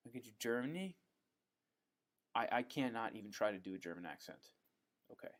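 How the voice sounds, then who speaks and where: A man runs a live Q&A stream, reading viewer questions aloud and answering off the cuff. His voice sits at an ordinary middle pitch. He talks in a loose, friendly way, with plenty of ums and the occasional "bro". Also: normal speed, long pauses. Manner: relaxed and chatty, frequent ums, calls viewers bro. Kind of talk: casual live Q&A chat.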